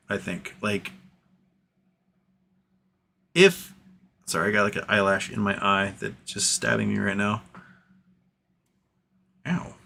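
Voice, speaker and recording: A man's voice: lowish voice, steady tone, slow, creaky, pauses often, pushed and bright, a little hiss or hum. A man hosting a casual livestream, reading chat messages aloud and answering them in an earnest, rambling way with frequent restarts.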